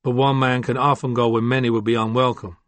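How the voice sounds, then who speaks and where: A composed loner speaks low and easy in a soft drawl, as a male narrator voices him. The read is close to the narrator's own tone, recorded dry. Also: level tone, fast, dry recording, lightly acted. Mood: calm.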